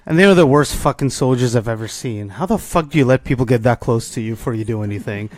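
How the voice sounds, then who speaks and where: A man's voice: medium pitch, lively intonation, fast talker, a little mellow, no echo. A man co-hosting a podcast, ranting bluntly and profanely in casual chat. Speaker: podcast co-host.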